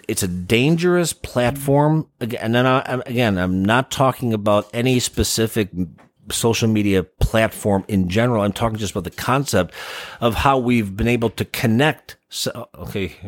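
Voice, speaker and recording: A man's voice: medium pitch, dry recording. A man co-hosting a podcast, who talks in an earnest, reflective and opinionated way and sounds like a counselor. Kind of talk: casual podcast chat.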